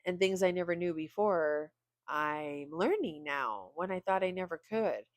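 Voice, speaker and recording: In a clean, echo-free studio recording, a tired middle-aged woman with a lowish, animated, slightly slow voice talks to camera as a video creator. Her casual vlog chat is candid and a bit rambling, dotted with small laughs.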